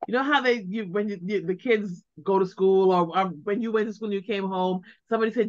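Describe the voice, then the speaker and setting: A middle-aged woman, a guest on an interview, giving heartfelt advice in an animated way and acting out the questions she suggests. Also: a little high, moderate pace. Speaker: interview guest, grieving mother. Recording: dull lo-fi sound.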